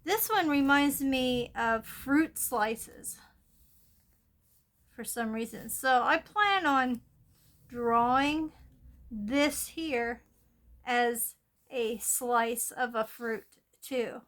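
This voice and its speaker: A woman's voice: a little high, very slow, long pauses, fairly bright tone. A woman hosting a coloring channel, chatting casually and meandering with fillers and restarts, filmed on a phone from above at her craft table. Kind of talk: casual show-and-tell of coloring plans. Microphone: phone filming from above.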